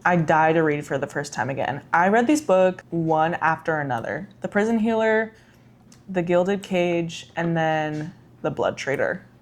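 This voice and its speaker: A woman's voice: fairly low pitch, darkish tone. A young woman vlogging about books she read, chatty and effusive, with frequent fillers and self-corrections. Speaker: book vlogger. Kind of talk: casual chat.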